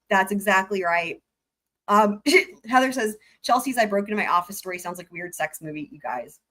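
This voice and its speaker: A woman's voice: mid-range voice, bright, forceful tone. Chatty woman telling a story on a livestream. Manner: chatty, swears, addresses viewers, reads chat aloud. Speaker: livestream host.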